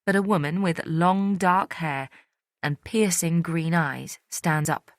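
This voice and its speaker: A woman giving measured, introspective first-person audiobook narration on a close studio mic. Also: on the low side, fairly even intonation, no echo.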